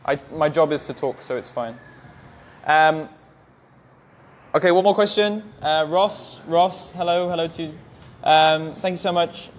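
A man's voice: on the high side, measured pace. A young English man teaching English, reading viewers' questions aloud on a livestream and answering them in a friendly, plain way. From England.

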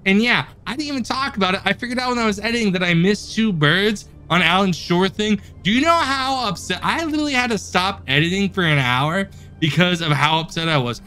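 Man, gameplay commentary, chatty and joking, high animated voice. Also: fairly quick, few pauses, clear, resonant tone. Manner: chatty, joking, talks to himself. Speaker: let's play host.

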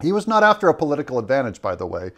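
Male political commentator, mid-pitched, rambling and opinionated, lots of fillers and self-corrections. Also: very animated, very fast, a bit bright. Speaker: political commentator in a played clip.

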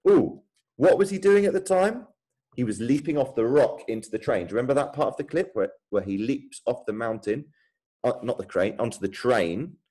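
A man's voice: medium pitch, expressive, moderate pace, warm tone, slightly rough, poor audio. A man, a primary school teacher thinking aloud and explaining as he types a writing lesson for children.

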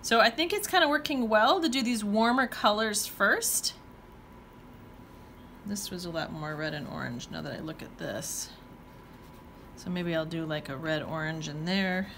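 A woman's voice: on the low side, measured pace, background noise. A woman teaching watercolor, talking casually while she paints and thinking aloud with playful exclamations. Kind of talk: painting demonstration talk-along.

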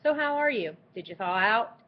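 A playful, wry teenage girl who teases lightly over the phone, as a woman reader puts her on. Her voice is pitched a little higher and brighter than the narration. The audiobook recording is dull and lo-fi. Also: animated, moderate pace, natural voice. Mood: teasing.

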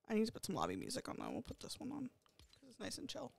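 A woman streaming a game live, chatting to her viewers and gushing excitedly over new items. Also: on the high side, quick pace, creaky, slightly rough, no echo. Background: faint game lobby music.

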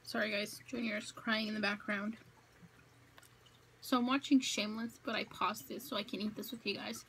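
A woman's voice: mid-range voice, steady tone, normal speed, pushed and bright, a little hiss or hum, rough recording. A young woman chatting casually to her viewers at home in an eat-with-me vlog, rambling with fillers and correcting herself as she goes. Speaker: vlogger. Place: home, indoors.

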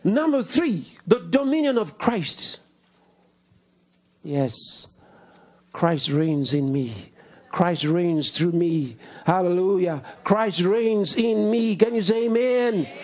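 A male pastor delivers a dramatic sermon in a slightly husky voice, letting his pitch climb and fall freely. He speaks slowly and deliberately, repeating key lines and dropping to hushed whispers between loud questions. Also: expressive. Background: congregation answering and laughing.

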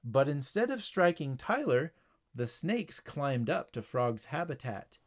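A man reading a children's story aloud as narrator, clear and even. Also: mid-range voice, measured pace.

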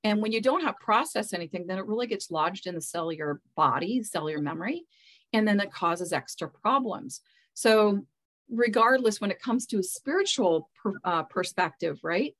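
A woman's voice: medium pitch, lively intonation, moderate pace, a bit bright, low-quality recording. A woman speaking as a spiritual mentor in an interview, earnest and loose, often repeating words as she searches for how to put things. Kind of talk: casual interview talk.

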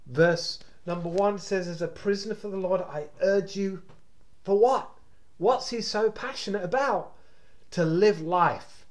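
Male pastor, high-pitched and unhurried, devotional preaching that pleads and repeats. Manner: passionate, urgent preaching with repetitions. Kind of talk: devotional sermon.

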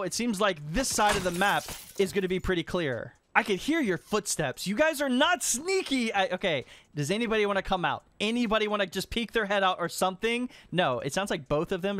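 A young man with a high voice commentates his own gameplay, excitable and teasing as he calls out to other players. He is recorded close and dry on a headset mic. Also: brisk, few pauses, no room sound. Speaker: gaming YouTuber.

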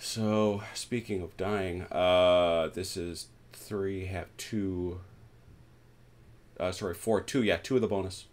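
A man hosting a tabletop wargame session, chatting casually as he plays, counting dice aloud and breaking into excited exclamations. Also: low-pitched, takes it slowly. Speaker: host, tabletop wargame player. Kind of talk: casual play-by-play while gaming. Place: home, at a game table.

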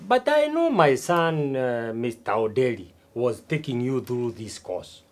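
A stubborn old farmer, swooping lively voice, self-important asides. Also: male voice, mid-range voice. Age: older. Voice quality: animated, drawn-out rhetorical asides. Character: older retired farmer, stubborn and boastful. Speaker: substitute teacher. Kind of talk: TV sitcom acting.

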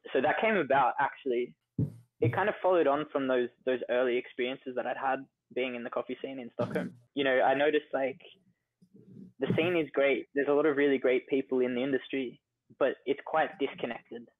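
A man's voice: medium pitch, steady tone, fairly quick, dry recording. A young Australian man telling stories in a casual interview, chatty and full of fillers. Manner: chatty, many fillers like "like" and "you know". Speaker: guest, coffee entrepreneur. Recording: dry phone-like audio.

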